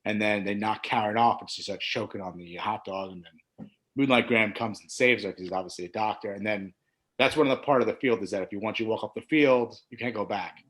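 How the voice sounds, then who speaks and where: A man's voice: fairly low pitch, quick pace, a bit bright. A man co-hosting a podcast in casual chat, musing through a theory with tentative, trailing phrasing. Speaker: podcast co-host.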